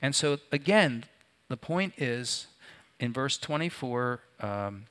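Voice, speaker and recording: A man preaching a sermon to his congregation, often pausing to put rhetorical questions to his listeners. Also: medium pitch, expressive, fairly bright tone. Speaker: pastor. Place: before a live congregation.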